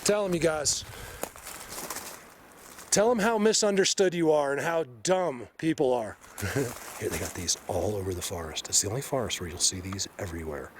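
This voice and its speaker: A man vlogging as he walks through a forest, rambling excitedly and sometimes dropping to a hushed voice. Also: mid-range voice, moderate pace, pauses often. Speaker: bigfoot researcher vlogger. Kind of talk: casual walking vlog. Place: outdoors in a forest. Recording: outdoor ambient noise.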